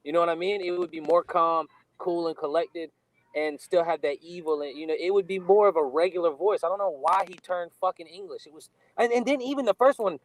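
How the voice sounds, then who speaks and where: A man co-hosting a podcast in casual chat, halting and full of fillers. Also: high voice, poor audio.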